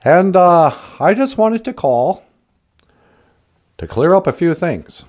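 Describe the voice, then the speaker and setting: A man doing an impression of a former male president, speaking slowly and deliberately with pauses between words. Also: high voice, big pitch swings, darkish tone, full character voice. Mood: solemn.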